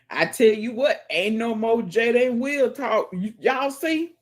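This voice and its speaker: A woman's voice: on the high side, measured pace, hardly any pauses. A woman hosting a casual livestream, reading viewer comments aloud with folksy exclamations and dropping to murmurs and whispers. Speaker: livestream host. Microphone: phone.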